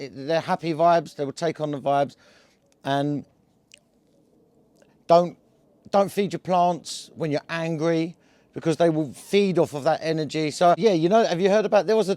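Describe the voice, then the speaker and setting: Here a man with a fairly high, slightly mellow voice, a cannabis vlogger, talks loosely to camera in a rambling vlog. His slangy, chatty speech is full of fillers and "yeah?" checks, and there's no room sound at all.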